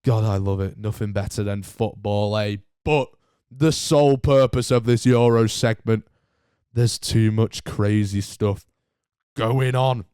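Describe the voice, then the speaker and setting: Excitable young man ranting. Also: mid-range voice, smooth, dry recording, clean studio sound. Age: young adult. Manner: animated, ranting, banter-heavy. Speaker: podcast host. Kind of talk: casual solo podcast chat.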